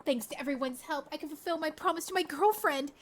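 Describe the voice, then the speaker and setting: A woman's voice: high voice, quick pace, a little hiss or hum, natural voice. A woman voicing a stammering guilty young man. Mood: relieved. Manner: hesitant, stammering, apologetic. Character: nervous young man who faked a gift.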